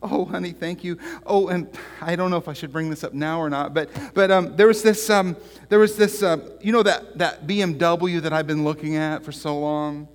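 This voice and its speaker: Man putting on a wife's voice, high-pitched, pleading, sweet-talking, long hall reverb. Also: steady tone, moderate pace, natural voice. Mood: pleading, coaxing. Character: wheedling, pleading wife asking for costly gifts.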